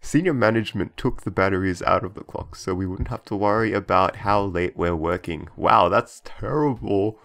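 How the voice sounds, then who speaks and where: A young man with a slightly low voice talks casually over a game he is playing. He is chatty and jokey, reads the on-screen text aloud, and holds back laughter as he goes. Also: moderate pace, creaky, hardly any pauses, a bit bright. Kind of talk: casual gameplay commentary.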